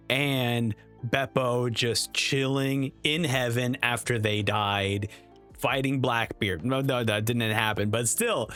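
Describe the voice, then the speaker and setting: A man hosting a casual manga reaction, excitedly talking through panels and quickly reading out lines. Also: mid-range voice. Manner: excited, reads dialogue in quick voices.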